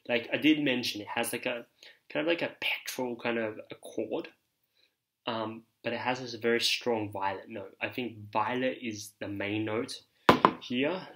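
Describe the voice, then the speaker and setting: A man reviews fragrances in a loose, meandering chat. He talks slowly, with plenty of fillers and side remarks. His voice has a bright, forward tone. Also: mid-range voice, poor audio. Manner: loose, filler-heavy, reads reviews aloud. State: ears ringing after a shower. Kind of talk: casual rambling chat.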